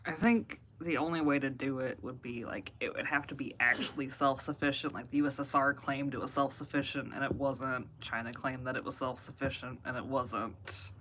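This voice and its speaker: Podcast co-host, male, mid-pitched bright voice, tentative delivery, faint background noise. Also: fairly even intonation, normal speed, few pauses. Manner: hesitant, lots of "like" fillers, agreeable. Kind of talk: casual political podcast talk.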